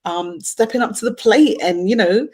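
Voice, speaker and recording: A woman's voice: medium pitch, normal speed, a little mellow, husky. A middle-aged woman hosting a talk show in a chatty, playful way, laughing often and making asides.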